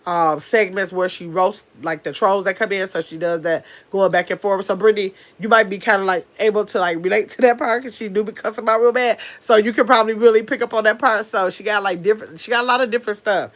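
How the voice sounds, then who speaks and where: A woman's voice: medium pitch, steady tone. Woman livestream host, casual, rambling, reads chat aloud into a phone. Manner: chatty, reads comments aloud and answers them, rambling with many fillers; says she talks fast.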